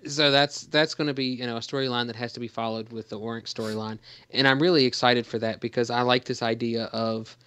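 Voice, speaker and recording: A man's voice: mid-range voice, fairly even intonation, moderate pace, a bit bright, smooth, dry recording. A man co-hosting a gaming podcast, talking in a rambling casual way with lots of fillers and restarts. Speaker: podcast co-host.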